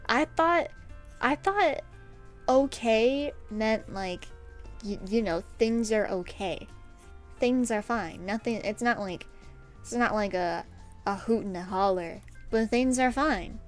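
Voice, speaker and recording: A young woman streaming while she draws, telling a story in an animated, rambling way, with lots of fillers and laughs. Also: a little high, slow, pauses often. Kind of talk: casual storytelling chat while drawing. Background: faint background music.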